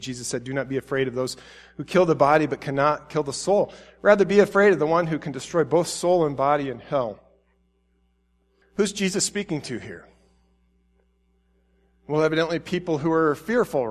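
A man with a voice on the high side preaches a sermon, reading scripture and acting out biblical figures. His intensity builds into pleading before dropping to soft, tender tones.

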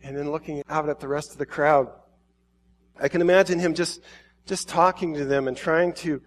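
Give me an emotional male preacher delivering a sermon in a slightly high voice. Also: steady tone, normal speed. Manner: emotional, swinging from hushed to urgent.

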